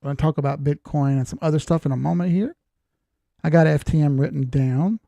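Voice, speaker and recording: A man's voice: a little high, brisk, creaky, mellow, no echo, highs cut off. A man in his forties hosting a crypto chart analysis show in a folksy, rambling, jokey way. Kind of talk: casual chart analysis talk.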